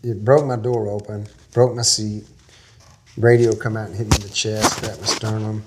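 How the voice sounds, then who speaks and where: A man's voice: fairly low pitch, little pitch movement, moderate pace, noisy background. A man from Texas, a guest in an interview, telling a long story in a folksy, rambling way with small laughs.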